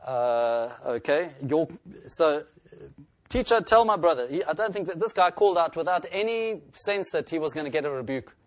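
A man delivers a sermon with earnest conviction. His voice sits a little high, and he lifts it when he reads scripture aloud. The recording is dry and close, with no room echo. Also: expressive, moderate pace, few pauses. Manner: earnest preaching, voice rising to read scripture aloud. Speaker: preacher.

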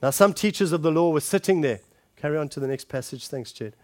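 A man preaching a sermon, calling his listeners friends and shifting between forceful punches and hushed scripture reading. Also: fairly high pitch, animated, fast talker, dry recording. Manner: emphatic, addresses the congregation directly as friends.

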